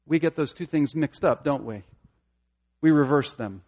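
A middle-aged man preaching a sermon, earnest and emphatic, rising to passionate peaks and dropping to soft, intimate asides. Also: on the high side, moderate pace, lo-fi sound. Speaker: pastor.

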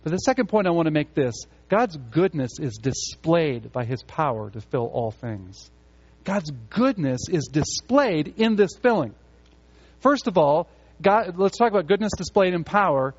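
A man's voice: on the high side, very animated, a little slow. A man preaching a sermon with emphasis, repeating key phrases to drive them home. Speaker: pastor. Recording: muffled lo-fi sound.

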